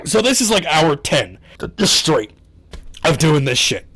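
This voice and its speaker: A man's voice: a little high, big pitch swings, a little slow, fairly bright tone, breathy edge, no echo. A man telling a story in a rambling, casual rant to his YouTube audience, exasperated and swearing often.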